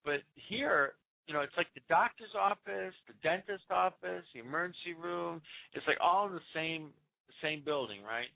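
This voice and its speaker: A man's voice: on the high side, lively intonation, moderate pace, creaky, no echo. A man hosting a radio show, telling stories in a rambling, chuckling way with lots of fillers. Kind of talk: casual monologue. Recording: tinny phone-line sound.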